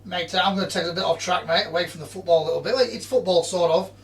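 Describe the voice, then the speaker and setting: Brief male host, high voice, fast and matey, sits back from the mic. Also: far from the mic, a little hiss or hum. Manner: says "mate" constantly, matey and chatty. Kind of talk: casual interview chat.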